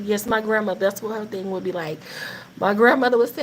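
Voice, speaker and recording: A woman's voice: medium pitch, a little fast, slight background noise, rough recording. A woman hosting a live faith talk, mixing casual encouragement with funny family stories. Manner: animated, laughing, preachy encouragement in Southern Black vernacular. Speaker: host of a faith talk stream.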